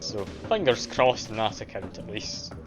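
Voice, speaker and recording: A very animated man with a fairly low voice and a mild Scottish accent streams a game, chatting casually at a moderate pace over music. Self-deprecating and talkative, he reads the chat and answers it as he plays.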